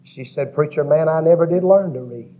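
A man preaching a revival sermon, rhythmically listing words and rising to shouts, recorded in a church. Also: a little high, brisk, lo-fi sound.

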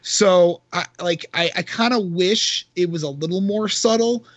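A high-voiced man rants about movies in a loose, crude, joking way, stumbling over his words. The sound is dry and close. It feels like a casual group chat among friends. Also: measured pace, no room sound. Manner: crude, joking, ranting, lots of filler and restarts.

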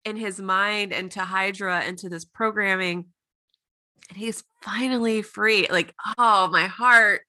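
A woman's voice: mid-range voice, bright, forceful tone, dry recording. A woman co-hosting a podcast, gushing through an episode recap. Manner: gushing, quick recap with laughs. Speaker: podcast co-host.

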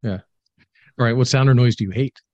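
A man hosting a podcast, asking interview questions in a brisk way with short affirmations. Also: medium pitch, darkish tone, dry recording, dull audio. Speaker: podcast host.

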